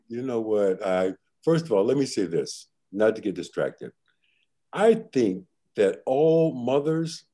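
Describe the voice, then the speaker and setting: An older man speaks on a panel, warm and mellow in tone. His delivery is emphatic and folksy, and he circles back to short refrains for effect. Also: medium pitch. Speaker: panel guest. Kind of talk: storytelling on a panel.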